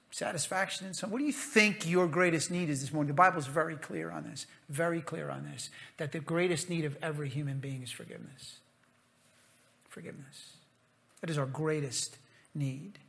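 A middle-aged American man preaching a sermon with passion, repeating phrases and swinging between loud exclamations and hushed asides. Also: a little high, creaky. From United States. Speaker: pastor.

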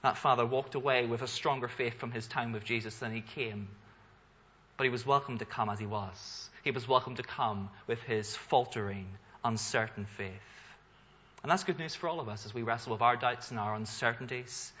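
A male pastor preaching a sermon in an earnest, emphatic way, his slightly husky voice bright and forceful. He asks rhetorical questions and lets his delivery swell. The recording sounds a little dull and lo-fi. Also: mid-range voice, moderate pace.

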